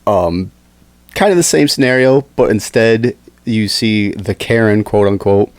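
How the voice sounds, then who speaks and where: A man's voice: fairly low pitch, a little slow, dry recording. A man co-hosting a casual podcast, talking bluntly and swearing freely. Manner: blunt and profane, lively delivery. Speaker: podcast co-host. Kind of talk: casual chat.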